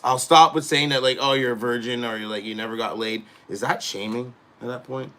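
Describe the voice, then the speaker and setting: Foul-mouthed man ranting with a bright voice. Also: medium pitch, fairly quick, few pauses. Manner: animated, swears constantly, swings between mutters and loud outbursts. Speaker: podcast host, wrestler. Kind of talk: profane casual rant.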